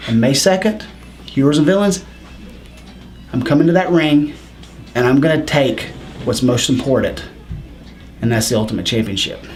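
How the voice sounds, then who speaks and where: A man speaking as a wrestler in an in-character promo, rambling and halting at first, then boastful. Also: medium pitch, soft background music.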